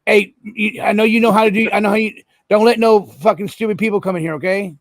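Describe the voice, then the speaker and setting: A man's voice: high voice, steady tone, fast, no room sound, clean studio sound. A man hosting a live stream, chatting casually and greeting callers by name, often repeating himself. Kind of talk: casual chat.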